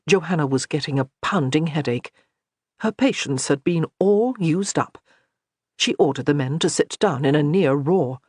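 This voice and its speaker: A woman narrating a historical romance audiobook in an expressive storytelling manner. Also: low voice, moderate pace, slightly rough, no room sound, clean studio sound.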